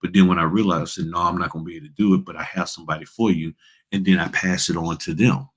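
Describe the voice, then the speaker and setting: A man from Virginia hosting a casual livestream as a notary business coach, talking in an animated, slangy, preachy way and speaking straight to his chat. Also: low-pitched, fast talker, breathy edge. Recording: livestream from home studio.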